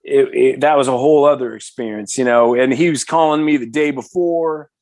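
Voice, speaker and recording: A man in his fifties from the Bay Area, a metal singer telling a story as a podcast guest, excitable, swearing freely and full of "you know". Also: mid-range voice, a little fast, vocal fry, dry recording, clean studio sound. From San Francisco Bay Area. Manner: animated, excitable, swears freely, heavy filler words. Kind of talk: casual storytelling in conversation.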